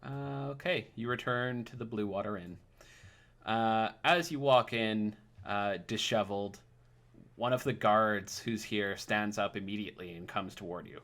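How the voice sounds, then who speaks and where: Guy dming a tabletop game, low voice, lots of uhs, laid back. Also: measured pace, fairly bright tone. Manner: casual, hesitant with many fillers. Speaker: game master.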